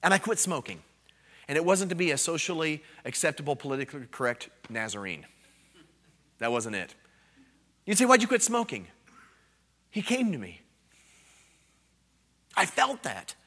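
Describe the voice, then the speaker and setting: A man preaching a revival sermon as an evangelist, earnest and self-deprecating, dropping to hushed storytelling and rising to loud emphatic bursts. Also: on the high side, sing-song, moderate pace, pauses often.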